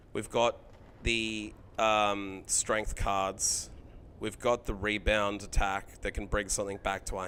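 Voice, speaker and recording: Animated, cursing game streamer man. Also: fairly low pitch. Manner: animated, swears freely, chats with viewers. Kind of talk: live game streaming commentary.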